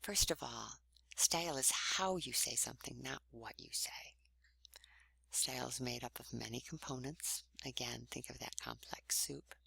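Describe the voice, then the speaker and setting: A woman, a writing instructor, giving a recorded online lecture in a conversational, explanatory way, often trailing off into breathy endings. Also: very deep voice, fairly even intonation, normal speed, pushed and bright, no room sound.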